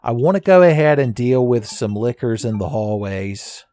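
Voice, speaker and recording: A man giving casual, joking commentary while playing a game, his voice a little raspy today and often breaking into laughs at his own asides. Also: mid-range voice, expressive, normal speed, mellow, slight background noise. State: slightly raspy voice. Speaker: gaming commentator. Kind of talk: casual let's-play commentary.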